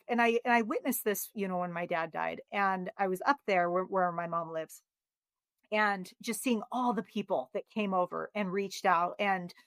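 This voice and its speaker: A woman hosting a podcast, asking questions and sharing her own reflections in an encouraging, relaxed conversation. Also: mid-range voice, dry recording. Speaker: podcast host. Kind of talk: casual interview conversation.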